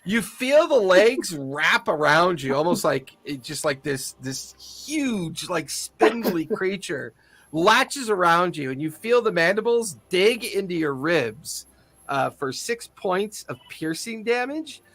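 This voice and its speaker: A man's voice: sits high, lively intonation, takes it slowly, fairly bright tone. A man narrating a tabletop game as game master, playful and laughing often.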